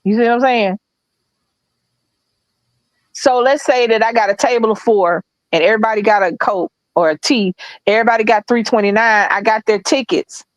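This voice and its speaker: A woman co-hosting a podcast, telling a story in a blunt, profane, animated casual chat. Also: a little high, moderate pace, dry recording, poor audio. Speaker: podcast co-host.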